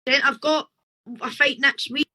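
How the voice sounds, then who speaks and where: Boy amateur boxer with a Scottish accent, high and bright, keen and brief on a live call-in. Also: steady tone, a little slow, low-quality recording. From Scotland. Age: 12-year-old boy. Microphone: phone or video call.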